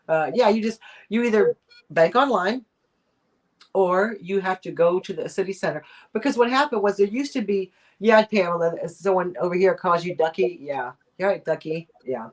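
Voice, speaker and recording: A woman hosting a casual live-stream chat, talking in a rambling way with lots of fillers and little laughs. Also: on the low side. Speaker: host of a live chat show.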